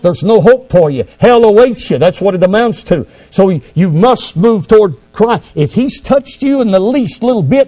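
A man preaching a sermon fervently, swinging from quiet asides to loud exclamations. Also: on the high side.

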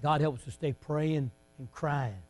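A man's voice: fairly high pitch, unhurried. A man preaching a fervent, folksy revival sermon in a church. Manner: fervent, folksy, rising to shouts.

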